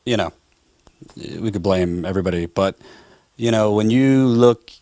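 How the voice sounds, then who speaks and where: A man's voice: on the low side, unhurried, mellow. A man interviewing as a political reporter, blunt and conversational. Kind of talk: interview questions.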